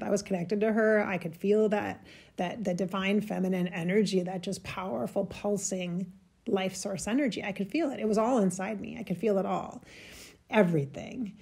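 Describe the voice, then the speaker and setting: A woman telling a personal spiritual story in a halting, emotional way, searching for words and getting choked up. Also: mid-range voice, steady tone, creaky, warm tone, slightly rough. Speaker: spiritual channel host.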